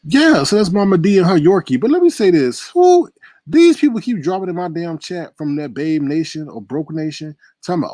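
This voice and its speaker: Male host, casual commentary, laughs often, very expressive pitch. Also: no room sound. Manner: chatty, laughing, drawn-out exclamations.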